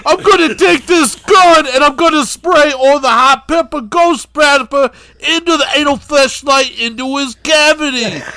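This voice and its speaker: A frantic male killer-turned-wrestler screeches and yells in a strained, high voice. The voice is bright and cutting, and the sound is close and dry. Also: unhurried, few pauses, no room sound, full character voice. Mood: hyped. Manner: yelling, high-pitched, strained. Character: wild shouting male serial-killer wrestler, hyped.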